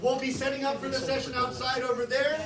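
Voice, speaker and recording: A man hosting an evening at a music venue, giving relaxed announcements to the audience. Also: extremely high pitch, quick pace. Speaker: event host announcing. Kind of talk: announcements at a live event. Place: live music cafe venue. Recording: echoey room, distant mic, crowd noise. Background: crowd chatter.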